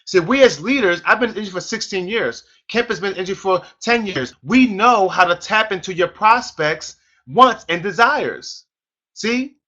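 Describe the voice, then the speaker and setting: A man's voice: high-pitched, lively intonation, a little slow, bright, forceful tone, dull audio. A middle-aged man, a network marketing team leader, giving an emphatic, repetitive motivational sales training on a conference call and calling his listeners "folks".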